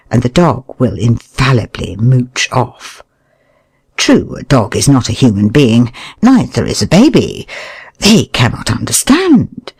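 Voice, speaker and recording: Audiobook narrator for a nonfiction read: unhurried, with a lively, rising and falling delivery in a close, dry recording. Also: medium pitch, no room sound. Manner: measured, expressive reading that voices short quoted remarks. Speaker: audiobook reader. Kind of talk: scripted narration of a nonfiction book.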